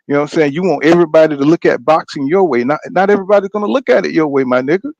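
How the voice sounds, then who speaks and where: A man's voice: on the high side, lively intonation, fast, creaky, hardly any pauses, dry recording. A man hosting a boxing podcast. He talks in a casual, rambling way, gets heated and swears a lot, and keeps saying "you know what I'm saying". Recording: dull, dry lo-fi sound.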